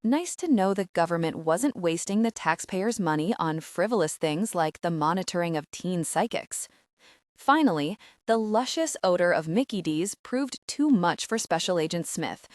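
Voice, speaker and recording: A woman's voice: fairly low pitch, lively intonation, normal speed, no room sound, studio quality. A woman narrating a first-person audiobook in a wry, conversational storytelling manner.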